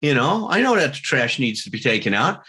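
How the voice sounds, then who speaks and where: A man talks to a recovery group in a bright, forceful, medium-pitched voice with a breathy edge, sing-song and fairly quick. Earnest throughout, he sometimes laughs at himself and performs little quarrels in quoted voices.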